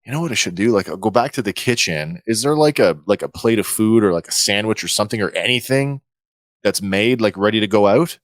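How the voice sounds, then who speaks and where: A man playing a tabletop game, thinking out loud in a rambling, casual way. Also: fairly low pitch, lively intonation, fairly quick, no echo, clean studio sound. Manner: rambling, full of fillers and restarts. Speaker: player.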